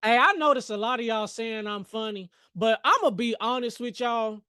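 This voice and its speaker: High-pitched guy doing live trading commentary, joking around, talking to the chart, dry sound. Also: moderate pace, pushed and bright, clear, resonant tone, no echo. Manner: joking, talks back to the chart, lots of "man" and "y'all". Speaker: livestream host and futures trader.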